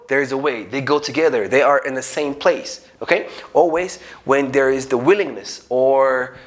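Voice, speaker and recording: A man with an Ethiopian accent teaching an unscripted English grammar lesson, acting out little everyday dialogues as he explains. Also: medium pitch. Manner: animated, acts out little dialogues.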